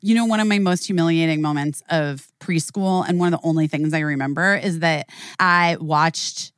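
Animated lower-voiced woman podcast host. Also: moderate pace, smooth, no echo, studio quality. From Chicago, USA. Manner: animated storyteller, heavy "like" fillers, casual swearing. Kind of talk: casual podcast chat.

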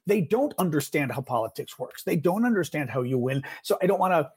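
A middle-aged man talks politics on a podcast with quick, exasperated asides. His voice sits a touch high and has a husky edge. He keeps the chat casual and lively. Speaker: podcast co-host.

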